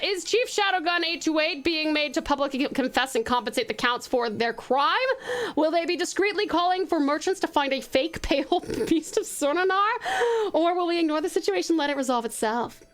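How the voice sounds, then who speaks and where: Giggly high-voiced Australian woman streamer. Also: normal speed, fairly bright tone, soft background music. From Australia (Tasmania). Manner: giggly, swears casually. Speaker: streamer and game master. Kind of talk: live stream narration and chat.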